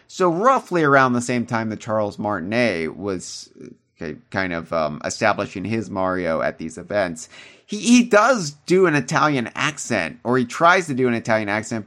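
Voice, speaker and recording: A man's voice: medium pitch, fairly bright tone. A man co-hosting a podcast, chatting casually and rambling with restarts and fillers. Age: adult, calls himself old. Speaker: podcast co-host.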